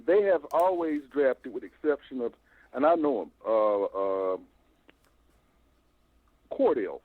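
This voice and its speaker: An older man calling in by phone to a fan show, talking in a long, animated, stammering rant. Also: mid-range voice, slow, no echo. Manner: animated, repeats himself, stammering restarts. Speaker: phone-in caller. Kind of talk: rambling call-in rant. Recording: tinny phone line, dry.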